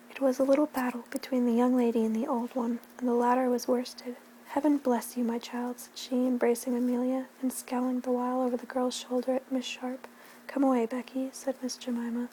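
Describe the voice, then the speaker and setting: A woman giving a gentle, soft-spoken ASMR reading of a classic novel at home, her voice dropping at times into a whisper. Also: fairly high pitch, slight background noise, poor audio. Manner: gentle, hushed, slipping into whispers. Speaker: ASMR reader.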